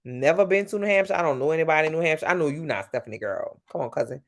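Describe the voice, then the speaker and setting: A woman from Louisiana with a Southern accent, chatting casually with viewers on a livestream, swearing freely and jumping up and down in pitch. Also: expressive, racing. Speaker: livestream host.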